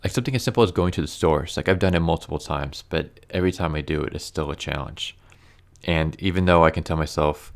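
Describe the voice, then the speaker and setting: A man talking casually and earnestly to camera, halting often with fillers and restarts. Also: extremely low pitch. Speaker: YouTuber reviewing comics. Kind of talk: casual personal commentary.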